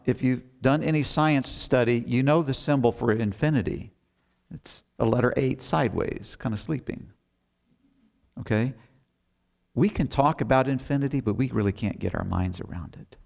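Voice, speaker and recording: A middle-aged man preaching a sermon, reading scripture slowly and deliberately, then explaining it in an earnest, conversational way with rhetorical asides. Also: medium pitch, gravelly.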